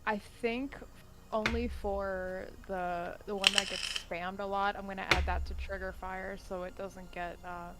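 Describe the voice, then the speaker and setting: A woman's voice: mid-range voice, level tone, a little slow, over loud music. Blunt, swearing woman on voice chat. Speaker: streamer friend on voice chat. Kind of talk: casual voice chat. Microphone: voice chat over the internet.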